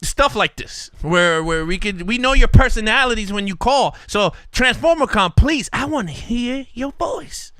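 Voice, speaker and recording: A man co-hosting a casual podcast, animated and laughing often as he acts out his callers. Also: very high voice, normal speed, few pauses, dry recording. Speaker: podcast co-host. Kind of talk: casual chat.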